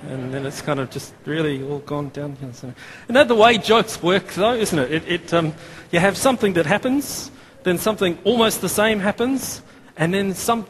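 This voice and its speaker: A man's voice: high-pitched, fairly bright tone. Chatty Australian man preaching in a hall. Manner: chatty and self-deprecating, with many fillers and restarts. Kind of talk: sermon. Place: church. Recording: long hall reverb, faint room noise.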